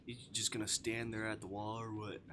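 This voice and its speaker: A man's voice: lowish voice, monotone, a little fast, noisy background, close to an everyday voice. A man voicing a teasing, playful young male shop cashier with smug, joking banter.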